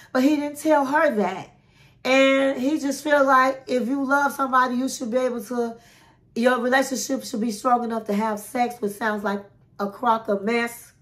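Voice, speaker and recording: A woman's voice: a little high, a bit bright. A woman hosting a casual reality TV recap, chatty and dramatic, acting out the quotes and calling the listener honey.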